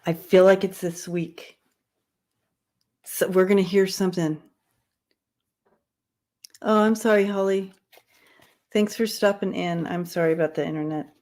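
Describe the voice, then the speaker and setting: A woman's voice: fairly low pitch, steady tone, unhurried, long pauses, a little mellow. A woman hosting a casual livestream reading who chats with viewers, laughs often and stumbles over long words she repeats to get right. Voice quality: dyslexia, repeats hard words. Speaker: livestream tarot reader.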